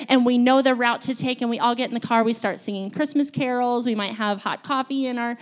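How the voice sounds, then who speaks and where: A woman, a school counselor, giving a sermon in a church, telling stories in an animated, playful way. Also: fairly high pitch, a little fast. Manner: storytelling, animated, playful with laughs. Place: church sanctuary.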